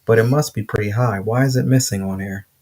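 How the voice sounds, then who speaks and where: A man hosting a casual podcast interview, laid-back and quick to laugh. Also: on the low side, a little mellow. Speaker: podcast host.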